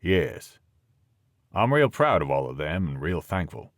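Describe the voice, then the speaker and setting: An older Southern football coach, as a male narrator puts him on, speaks in a thick, mumbling drawl and delivers his words haltingly. The voice sits very low, and the recording is close and dry. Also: very animated, no room sound, exaggerated voice. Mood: humble.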